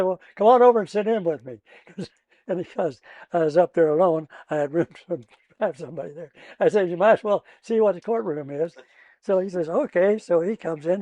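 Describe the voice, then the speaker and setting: A retired trial lawyer, older and with a Midwestern American accent, shares courtroom stories in a relaxed interview, laughing frequently and mimicking his own yelling. His pitch is fairly high, and the recording is dry.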